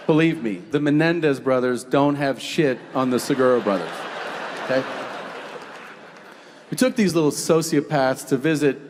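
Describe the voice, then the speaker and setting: A man in his forties doing a stand-up comedy set, telling stories in an exasperated, animated way with sudden yelps. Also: on the high side, noisy background. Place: large comedy venue stage. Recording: live hall reverb with crowd. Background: audience laughter.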